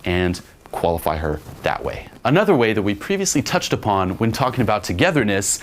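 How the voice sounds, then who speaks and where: Man, dating coach, low voice, blunt, profane, faint background hiss. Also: very animated, a little fast. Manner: blunt and profane, acts out quotes. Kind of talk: instructional monologue.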